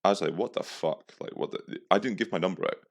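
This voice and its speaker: Deep-voiced man ranting crudely. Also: fast talker. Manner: crude, profane comic ranting. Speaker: podcast host. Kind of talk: casual storytelling monologue.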